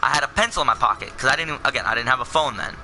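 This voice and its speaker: A man's voice: mid-range voice, lively intonation, very fast, sharp tone, slight background noise, low-quality recording. A young man telling a personal story in a casual, rambling way, full of fillers and self-corrections. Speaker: vlogger.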